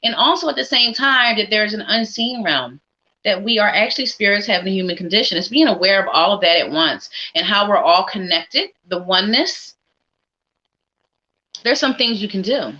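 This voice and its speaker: A woman's voice: medium pitch, lively intonation, normal speed, bright, forceful tone, highs cut off. A woman hosting a live psychic reading stream, talking in an upbeat, encouraging, chatty way. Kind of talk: casual live-stream chat.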